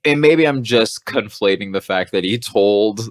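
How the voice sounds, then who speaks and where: A man's voice: lowish voice, measured pace, no room sound, clean studio sound. A man, a comedian guest, chatting casually and jokily on a podcast, dropping into mock voices. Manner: animated, jokey, slips into mock voices.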